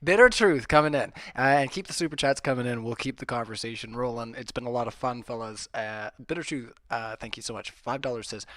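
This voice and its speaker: A male stream moderator with a middle-pitched voice recorded dry and close. He keeps things loose and jokey while he reads out viewer questions. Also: fairly quick, hardly any pauses, a bit bright, dry recording. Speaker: debate moderator. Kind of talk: live stream hosting.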